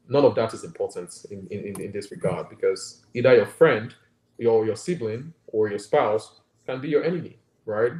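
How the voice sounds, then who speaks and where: Earnest and reflective, a guest doctor with a Nigerian accent talks in a warm, medium-pitched voice, frequently checking in with "right?". The conversational interview is recorded with a roomy echo.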